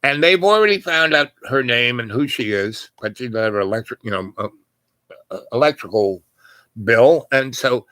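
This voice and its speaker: A man's voice: mid-range voice, expressive, normal speed, a bit bright, dry recording. An older man telling a long personal story in a loose, rambling way, full of fillers and asides. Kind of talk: casual spoken storytelling.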